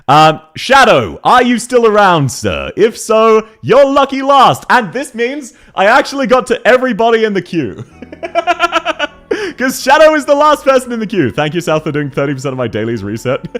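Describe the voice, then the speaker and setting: A man's voice: medium pitch, fairly bright tone. A young man streaming a game, chatting casually with viewers, laughing often and greeting people by name.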